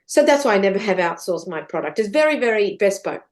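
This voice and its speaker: A middle-aged woman, a podcast guest telling stories in an animated, chatty way, swearing freely and laughing often. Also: quick pace. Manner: swears freely, laughs often, big swings in pitch and loudness. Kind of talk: animated storytelling chat.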